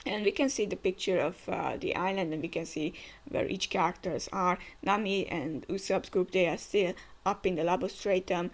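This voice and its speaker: A woman's voice: fairly low pitch, normal speed. A woman giving casual reaction commentary while reading a comic aloud, thinking aloud with frequent hmms.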